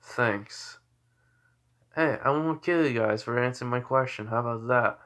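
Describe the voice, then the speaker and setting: A man voicing a calm, fearless teenage boy demon slayer in a casual fan storytelling, with a flat, offhand delivery close to his own voice. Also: medium pitch, a little slow, lightly acted.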